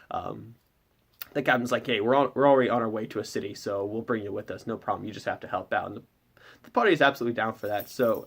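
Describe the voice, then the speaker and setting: Give me a man casually recapping a tabletop campaign as game master, rambling and full of fillers. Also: mid-range voice. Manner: rambling, heavy with fillers like "kind of".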